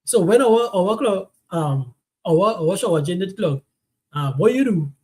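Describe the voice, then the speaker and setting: A man's voice: high voice, animated, a little slow, darkish tone. A man co-hosting a live relationship talk show, explaining his views at length and telling stories from home in casual chat.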